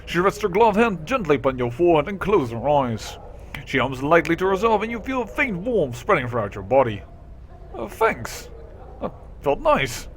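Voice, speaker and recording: A man hosting a let's play, reading role-playing game text aloud with lively asides. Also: on the high side, brisk, slight background noise.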